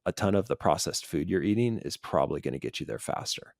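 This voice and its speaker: Deep gravelly guy, psychiatrist on a podcast, rambles with lots of likes, dry close sound. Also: lively intonation, fast talker, no room sound. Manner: loose, filler-heavy, lots of "like". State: busy parent. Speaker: psychiatrist guest. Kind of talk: casual podcast conversation.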